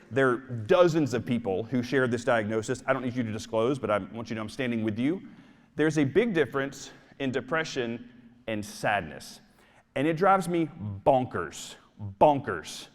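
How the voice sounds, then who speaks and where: Man, motivational keynote speaker, casual, emphatic, playful, mid-pitched voice, long hall reverb. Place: stage in a large hall.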